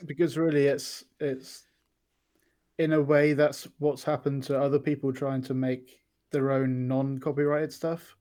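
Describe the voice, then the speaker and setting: A man talks casually as a podcast guest. His pitch barely moves, and he often stops on ums and starts phrases over. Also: level tone, measured pace, dark tone. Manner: hesitant, many ums and restarts.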